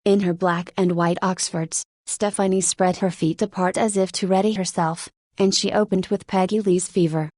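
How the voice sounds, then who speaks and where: A woman narrating a nonfiction audiobook in an even, measured reading. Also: medium pitch, no echo.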